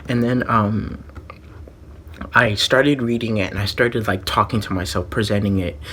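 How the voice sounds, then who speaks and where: Man vlogger, low-ish voice, rambling storytime, lots of fillers and restarts, faint background noise. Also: fairly even intonation, normal speed, pushed and bright.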